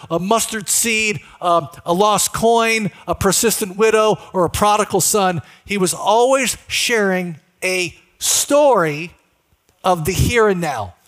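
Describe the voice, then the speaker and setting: A male pastor with a high, fairly bright voice preaches a sermon conversationally, frequently putting questions to the congregation.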